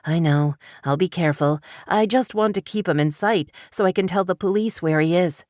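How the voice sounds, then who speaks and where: A woman voicing a determined woman who speaks tensely and forcefully while protecting her dog and a boy, in an audiobook. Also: on the low side, moderate pace, no echo, clean studio sound, lightly acted.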